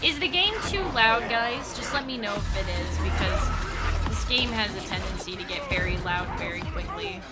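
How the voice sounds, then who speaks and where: A woman's voice: medium pitch, expressive, moderate pace, loud music behind the voice. A young adult woman streaming a game live, chatting casually, swearing freely and yelping when startled. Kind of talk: casual chat while gaming live.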